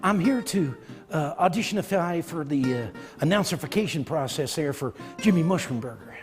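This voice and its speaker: A man's voice: on the high side, lively intonation, brisk, over music, natural voice. A man doing an impression of a bumbling, folksy male politician who mangles his words.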